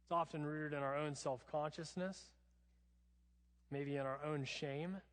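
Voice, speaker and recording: A man's voice: a little high, fairly even intonation, unhurried. A male pastor preaching a sermon in a casual, chatty way with touches of humor. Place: church sanctuary. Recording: long church hall reverb.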